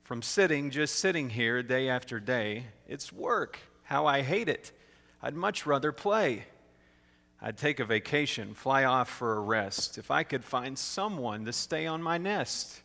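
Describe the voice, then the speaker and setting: A man's voice: mid-range voice, lively intonation, a little slow, gravelly, pushed and bright, heavily acted. A man voicing a lazy, scheming female bird in a storybook read-aloud, with a sing-song, coaxing manner. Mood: bored. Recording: long hall reverb.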